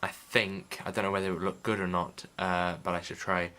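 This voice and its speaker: Rambling, bright-toned man vlogging. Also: sits low, little pitch movement, fairly quick. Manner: rambling, many fillers and restarts. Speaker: vlogger, filmmaker. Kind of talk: casual behind-the-scenes talk.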